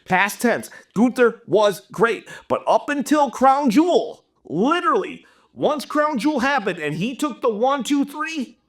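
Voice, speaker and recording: A young man hosting a wrestling channel, delivering an animated, exasperated opinion rant to camera. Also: very high-pitched, unhurried, few pauses.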